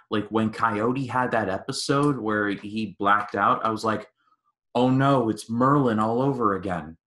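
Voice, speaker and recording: A man co-hosting a podcast, eagerly reviewing a film in casual chat and acting out its lines. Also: lowish voice. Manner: excited, acts out quotes with many restarts. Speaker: podcast co-host.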